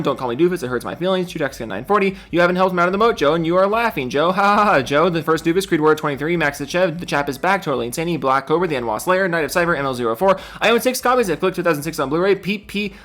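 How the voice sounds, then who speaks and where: A man's voice: fairly high pitch, a bit bright. A man hosting his own gaming channel, ranting casually with exasperated swearing and rattling off long lists of names. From Seattle area, United States. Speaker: gaming YouTuber.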